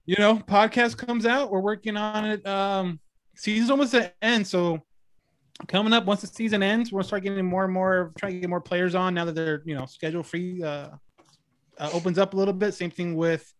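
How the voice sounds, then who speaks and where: Easygoing man with a higher voice. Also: steady tone, moderate pace, fairly bright tone. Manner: easygoing, plugging his own show. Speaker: podcast guest. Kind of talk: casual chat.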